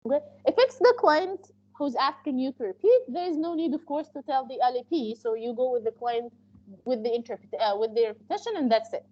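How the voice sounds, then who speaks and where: Female instructor giving an online class over a lo-fi call, high pitch and soft tone, explanatory and loose. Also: lively intonation, brisk. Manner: explanatory, with frequent fillers and restarts. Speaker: medical interpreting instructor. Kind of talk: live online class lecture. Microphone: video call. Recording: muffled lo-fi call audio.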